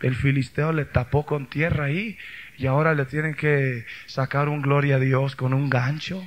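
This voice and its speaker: A male pastor preaching a bilingual sermon, switching between English and Spanish and building to shouted praise, on an old cassette tape recording. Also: mid-range voice, level tone, fairly quick, a little hiss or hum. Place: church youth camp service.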